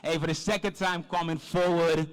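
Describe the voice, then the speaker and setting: High-voiced joking male emcee. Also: steady tone, normal speed, smooth. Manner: joking, playful, teasing the crowd. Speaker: emcee of a poetry night. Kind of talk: live event hosting banter. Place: live poetry event.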